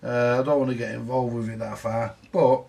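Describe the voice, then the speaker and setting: A man's voice: mid-range voice, steady tone, brisk, creaky, darkish tone, far from the mic. A man chatting casually about a repair job, rambling with lots of fillers and the odd swear word. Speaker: vintage audio repair vlogger. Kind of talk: casual workshop talk to camera.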